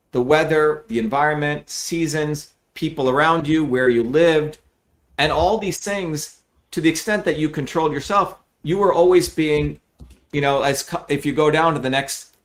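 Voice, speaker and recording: A middle-aged man hosting a live telethon, his voice sitting a little high for a man. He talks straight to his viewers in a blunt, emphatic pitch, swearing freely as he explains and urges. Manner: blunt, profane and emphatic, addressing viewers directly. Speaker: host of a live fundraising telethon.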